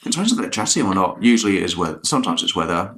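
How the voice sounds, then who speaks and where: Man, fairly low voice, chatty, laughs a lot, casual podcast chat. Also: lively intonation, racing, fairly bright tone, a little hiss or hum. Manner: chatty anecdotes, frequent laughter. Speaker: podcast co-host.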